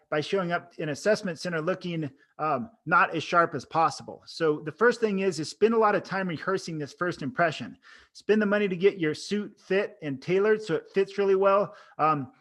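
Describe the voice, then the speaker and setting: A man's voice: sits high, moderate pace, fairly bright tone. A man coaching listeners on oral board interviews in an earnest, unscripted way, often restarting his sentences. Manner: earnest, frequent restarts and fillers. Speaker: promotion exam coach. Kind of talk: unscripted instructional talk.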